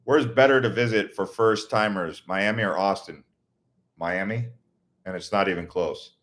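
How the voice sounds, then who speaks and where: An adult Navy veteran from the United States hosts a casual live stream, his voice lowish and a bit bright at a moderate pace. He answers viewer questions and tells meandering travel stories, often restarting his sentences.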